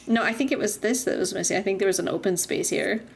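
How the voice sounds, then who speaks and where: A woman's voice: mid-range voice, fast talker, vocal fry. A young woman streams a game and chats casually, her voice in the middle of the range. She rambles through long stories with plenty of fillers. Faint noise hums in the background. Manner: chatty, rambling storyteller with many fillers. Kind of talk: casual chat while gaming.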